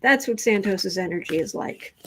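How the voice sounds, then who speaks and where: A woman hosting a casual tarot livestream, chatting in quick asides and reading out viewer comments. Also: mid-range voice, animated, a little hiss or hum. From Midwestern United States.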